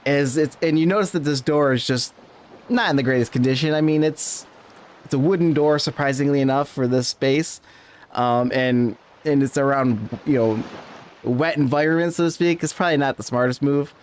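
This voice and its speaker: A man's voice: medium pitch, moderate pace. A man narrating a tabletop game as game master, rambling and often correcting himself.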